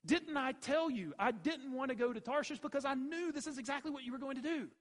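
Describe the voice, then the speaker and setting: A preacher doing an angry, despairing prophet. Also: male voice, very high-pitched, fast, fairly bright tone, pitched above the performer's own voice. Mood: angry lament. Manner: pleading, exasperated outbursts.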